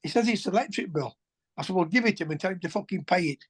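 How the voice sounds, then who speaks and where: A man, a former footballer telling colloquial, animated anecdotes as an interview guest. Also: high-pitched, fast, breathy edge. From England. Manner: animated, colloquial, swears, restarts sentences. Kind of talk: anecdotal storytelling.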